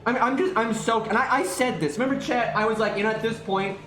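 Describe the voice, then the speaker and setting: A man's voice: very high-pitched, quick pace, fairly bright tone, reverberant, faint music behind. A man streaming live, ranting in exasperation about a game, swearing and restarting his sentences as he goes.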